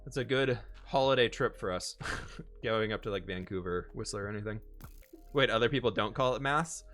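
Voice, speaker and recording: Hosting a gaming livestream, this Pennsylvania man in his twenties keeps up a chatty stream of talk, frequently laughing and reading out chat messages. He speaks briskly in a lowish, fairly bright voice over soft background music.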